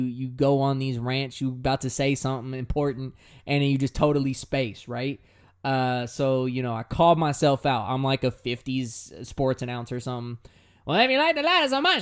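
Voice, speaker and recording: A man talks loosely and casually about his own song, peppering his talk with slang. His voice is clear and resonant, at an everyday middle pitch. He sometimes drifts into lower, quieter asides. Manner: laid-back and chatty, with slang. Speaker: musician explaining his own lyrics. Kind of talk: casual lyric breakdown.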